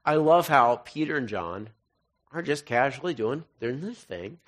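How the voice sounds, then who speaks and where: A man preaches in a relaxed, humorous way, moving between scripture reading and chatty asides. His voice sits in a middle range, neither high nor low. He keeps the tone conversational rather than formal. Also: unhurried. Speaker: pastor.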